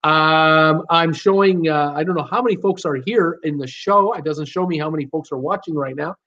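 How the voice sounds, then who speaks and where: A man's voice: on the high side, normal speed, bright, forceful tone, muffled recording. A man hosts a live cruise Q and A stream, chatting casually and reading out viewer names and comments with many "uh" fillers.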